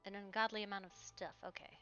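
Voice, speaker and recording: A woman's voice: mid-range voice, level tone, fast talker, fairly bright tone, highs cut off, soft background music. A woman playing in a live-streamed roleplay, teasing and giggly as she talks. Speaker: roleplay player.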